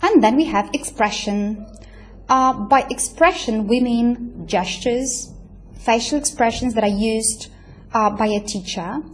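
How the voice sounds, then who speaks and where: A woman delivers a recorded university lecture. Her voice sits a little high, and she talks unhurriedly, padding her points with fillers and checking in with her listeners as she goes. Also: a little hiss or hum. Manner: explains slowly with many fillers, checks with "right?".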